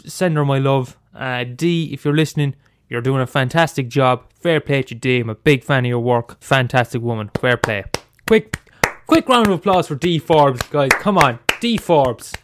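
Rambling sketch comedian. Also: male voice, mid-range voice, no room sound, studio quality. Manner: rambling, filler-heavy, ironic gushing. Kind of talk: casual comic monologue.

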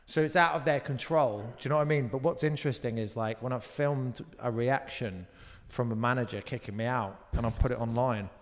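A British man, a comedian guest on a live talk show, telling a lively anecdote and slipping into quoted voices, with casual swearing. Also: mid-range voice, brisk. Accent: British English. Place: live venue stage. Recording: long reverb of a live venue.

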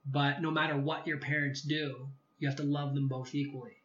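A man being interviewed, telling a personal story in a casual, animated way and acting out quoted dialogue. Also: a little high, normal speed. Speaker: podcast guest. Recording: echoey room, slightly dull sound.

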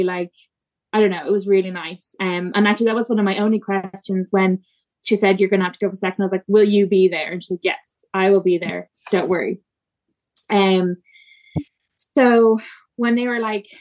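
A woman on a podcast recounting her birth story, emotional and halting, with many fillers and restarts. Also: medium pitch, a little mellow. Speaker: podcast guest. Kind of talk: personal storytelling in conversation.

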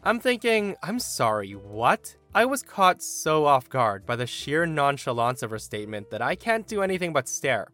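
A man narrating a Reddit story aloud in an animated, expressive way. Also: a little high, normal speed, hardly any pauses, soft background music.

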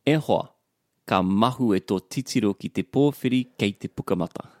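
A man's voice: lowish voice, fairly quick, no room sound. A man joins a language lesson. He repeats words back attentively and asks questions. The recording is dry and close.

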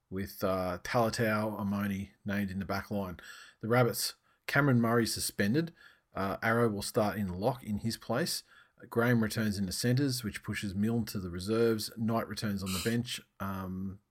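A man hosting a sports chat, speaking in a fairly low voice. He talks loosely, swears now and then, and runs through team lists in a casual podcast style. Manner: loose and chatty, swears, reads out team news. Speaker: podcast host.

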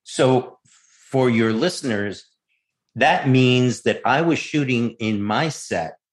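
Man telling a lively acting story. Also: medium pitch, slow. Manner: animated storyteller, acts out voices. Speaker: actor guest. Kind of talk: casual anecdote.

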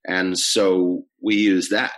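Very deep-voiced middle-aged man, rambling. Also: slow pace. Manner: relaxed, rambling with many fillers. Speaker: actor guest. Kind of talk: casual interview chat.

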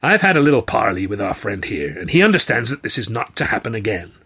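A man's voice: on the low side, sing-song, fast, sharp tone, husky, full character voice. A man voicing a powerful, menacing male city boss who speaks with false courtesy and veiled threats. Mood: threatening.

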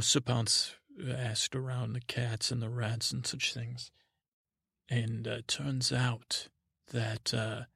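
Gravelly, meandering sleepy storyteller man. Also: medium pitch, fairly bright tone, dry recording, clean studio sound. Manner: meandering, halting, full of restarts and asides. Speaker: podcast host.

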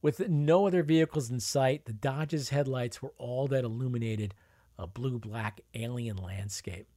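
A man's voice: medium pitch, unhurried, warm tone, no echo, studio quality. A man narrating a memoir in a wry, conversational storytelling manner. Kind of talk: memoir reading.

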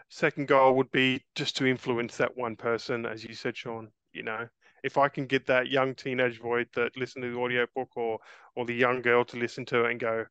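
A man's voice: medium pitch, level tone, moderate pace, a bit bright, clear, resonant tone, dry recording, muffled recording. Earnest stammering man in his forties. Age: 40s. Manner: earnest, repeats words and restarts often, calls the host mate. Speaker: interview guest. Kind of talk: casual interview chat.

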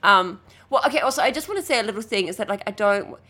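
A woman's voice: medium pitch, expressive, fast, bright, forceful tone. A woman co-hosting a casual chat, playful and laughing often. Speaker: podcast co-host.

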